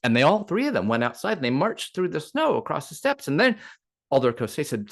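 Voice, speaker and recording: A man spins a folktale for a storytelling circle, his voice rising and falling widely as he acts out the scenes. He tells it with expressive, animated delivery. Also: a little high, fairly quick, creaky. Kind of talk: oral folktale telling.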